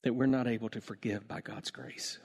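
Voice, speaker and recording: A man preaching a sermon to his church, telling stories with lively acted-out voices. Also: moderate pace, creaky, husky. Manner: animated storytelling, acts out voices with big swings in pitch. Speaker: pastor.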